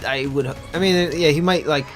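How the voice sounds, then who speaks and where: A man's voice: fairly high pitch, moderate pace, over music. A man co-commentating a video game, dry and teasing, explaining the game's mechanics. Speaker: let's play co-host. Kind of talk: casual gameplay commentary.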